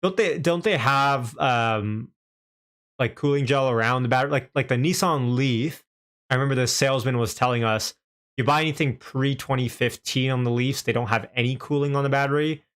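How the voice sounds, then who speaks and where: A man's voice: medium pitch, normal speed, fairly bright tone. Chatty young man streaming live. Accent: light Canadian. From Canada. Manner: chatty, laughs a lot, reads out chat messages. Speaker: livestream host. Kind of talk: casual live stream chat.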